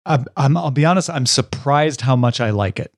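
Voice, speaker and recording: A man co-hosts a book podcast, trading jokes and laughing often in a relaxed, casual chat. His voice is mid-range at a moderate pace, captured in clean studio sound with no room noise.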